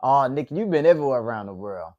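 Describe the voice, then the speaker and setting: A man's voice: medium pitch, animated, fast, darkish tone, muffled recording. A man in his late twenties from Atlanta with a Southern accent, hosting a casual livestream and chatting with viewers. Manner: laid-back, chatty, reacting to chat. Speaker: livestream host.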